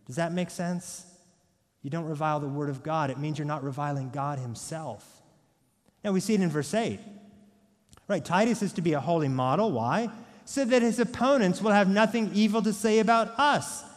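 A man's voice: on the high side, normal speed. Emphatic male pastor preaching in a hall. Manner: emphatic, rhetorical questions. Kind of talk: sermon. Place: church.

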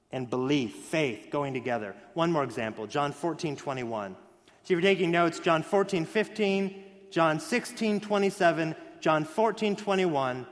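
A man preaching a sermon, stressing key words loudly and then dropping to hushed lines. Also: fairly high pitch. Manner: emphatic, swings between loud stresses and hushed lines. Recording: long hall reverb.

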